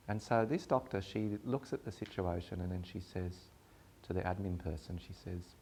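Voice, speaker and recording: A man presenting a talk, telling a personal story in an animated, wry way. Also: sits low, normal speed, a little hiss or hum.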